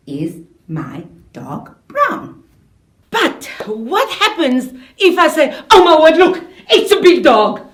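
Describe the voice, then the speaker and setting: A woman teaching young children, her voice rising and falling in wide, lively swings. She talks in an unhurried, measured way and acts out each example sentence. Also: medium pitch. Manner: animated, expressive reading of example sentences. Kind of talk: children's lesson.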